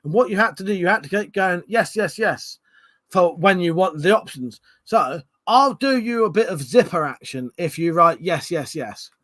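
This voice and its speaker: A man's voice: sits high, lively intonation, normal speed, hardly any pauses, fairly bright tone. A man hosting a live stream, chatting loosely with viewers while a bit tipsy, laughing and swearing as he reads the chat.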